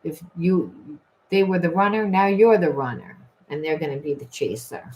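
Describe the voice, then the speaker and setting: A woman's voice: sits low, animated, normal speed, darkish tone, a little hiss or hum, rough recording. A woman giving a rambling, emphatic spiritual reading, full of restarts and repeated phrases. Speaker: tarot reader.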